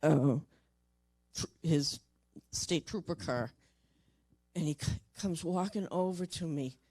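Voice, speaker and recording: An older woman and paranormal investigator, telling a personal story in a halting way, repeating words and dropping soft at tender moments. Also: low-pitched, no echo.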